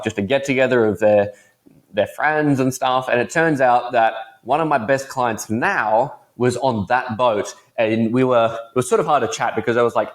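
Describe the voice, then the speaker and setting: A teenage man with an Australian accent talks as a podcast guest. He tells stories in a relaxed, chatty, easygoing way. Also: mid-range voice. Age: teens. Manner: laid-back, chatty storyteller. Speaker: guest entrepreneur. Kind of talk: casual podcast interview.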